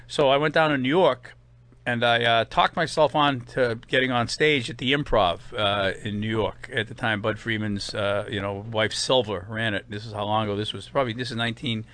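A man's voice: mid-range voice, fairly quick. A man in his fifties with a Boston accent, a comedian telling rambling stories full of fillers in an interview. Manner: rambling, animated anecdotes with many fillers. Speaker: guest comedian. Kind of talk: casual storytelling interview.

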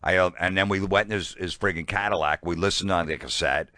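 Deep-voiced man telling a comedy story. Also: fast talker, dry recording, clean studio sound. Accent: New York. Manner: animated anecdote-telling, acts out quoted voices. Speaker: comedian guest. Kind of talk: casual storytelling chat.

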